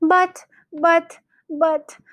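A woman voicing a flustered, easily frightened mother in a storybook reading, with high fluttering cries. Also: takes it slowly, no room sound, studio quality. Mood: alarmed.

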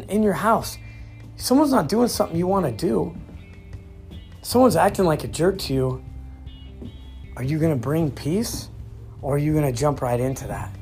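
A man giving a casual, emphatic devotional talk to camera, conversational and quick to laugh. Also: fairly high pitch, darkish tone. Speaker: Christian vlogger.

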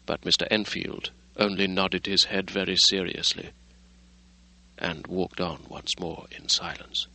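A man reading a classic novel aloud as audiobook narrator, measured and steady. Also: low voice, creaky, rough recording.

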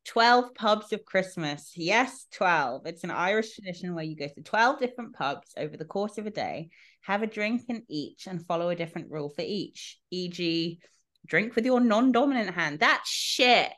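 A woman chatting on a podcast with a slightly low voice. She laughs often and swears freely, keeping the talk loose and unguarded. Her delivery is easygoing and conversational. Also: animated, moderate pace, a bit bright. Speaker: podcast co-host. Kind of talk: casual podcast chat.

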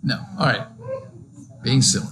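A man's voice: moderate pace, fairly bright tone, a little hiss or hum. A male pastor giving a conversational, joking sermon full of rhetorical questions to his listeners.

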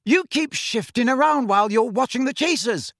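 A brisk young woman captain barking clipped orders in a raised, lifted voice, as a male narrator puts her on. Her tone swings widely, and the sound is close and dry. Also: a little high, animated, no room sound, voice pushed up, lightly acted. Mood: commanding. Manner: commanding, clipped instructions.

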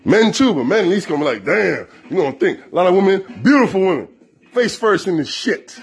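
A man's voice: high voice, very animated, fast talker, husky, soft background music. A man hosting a show, delivering an aggressive, profane monologue in a confrontational manner. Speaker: show host.

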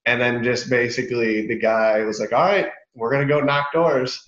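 Animated storyteller with an echoey, dull sound. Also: male voice, medium pitch, moderate pace. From Michigan. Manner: animated storyteller, acts out quotes. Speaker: guest, sales professional. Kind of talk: casual podcast interview.

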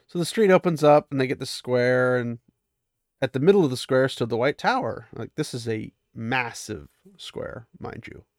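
A man's voice: medium pitch, normal speed, dry recording, studio quality. A man casually recapping a fantasy novel, chatty and amused, lightly voicing the characters as he goes. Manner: chatty, laughs at the story, voices characters lightly. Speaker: book recap host.

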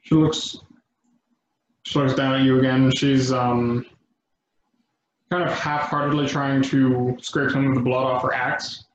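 A man running a tabletop game as game master, narrating in a relaxed way with frequent pauses and ums. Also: medium pitch, slight background noise. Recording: echoey, dull lo-fi room.

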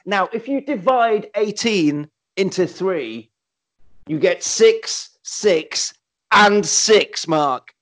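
A man's voice: on the high side, takes it slowly. A man co-hosting a casual chat, retelling a film with lots of laughter and swearing. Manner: animated, acts out characters in quotes, laughs often, swears. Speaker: podcast co-host.

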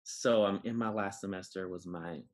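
A man from New York City, a podcast guest, telling a personal story in an animated way and acting out the dialogue. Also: deep voice, normal speed. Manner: animated, acts out dialogue, laughs while telling.

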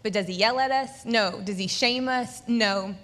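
A woman co-preaching at a church, speaking earnestly in steady phrases. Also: fairly high pitch, normal speed. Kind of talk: sermon. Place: church hall. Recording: long hall reverb from a church.

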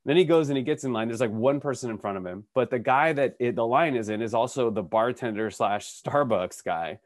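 Animated man telling a story on a podcast. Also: medium pitch, a little fast, dry recording, studio quality. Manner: animated storyteller who acts out quotes, with frequent restarts. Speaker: podcast co-host. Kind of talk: casual conversational storytelling.

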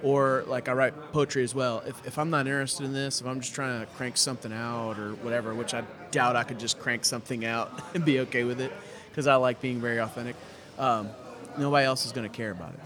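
A man's voice: medium pitch, fairly even intonation, fast talker. A man, a pastor co-hosting a podcast, chatting earnestly and laughing easily at a brewery. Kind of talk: casual chat. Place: brewery taproom. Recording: busy taproom crowd noise. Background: crowd chatter.

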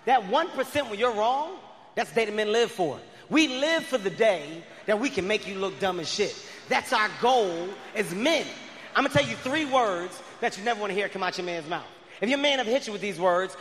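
A male stand-up comedian doing a routine for a live audience, loud and often shouting. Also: high voice, expressive, a little fast, slight background noise. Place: large venue before a live audience. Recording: long reverb of a large hall.

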